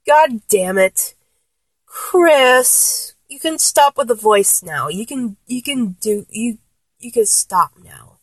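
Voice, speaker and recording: Lively, slow-talking young woman, close and dry. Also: slightly rough, dry recording. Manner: breathless, giddy, swings from low murmurs to high squeals. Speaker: audio role-play performer. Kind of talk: intimate one-sided audio role-play.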